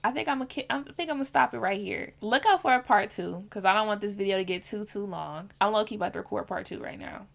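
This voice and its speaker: Candid woman vlogger with gravelly voice. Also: mid-range voice. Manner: candid, animated storytelling in casual slang. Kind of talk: personal storytelling vlog.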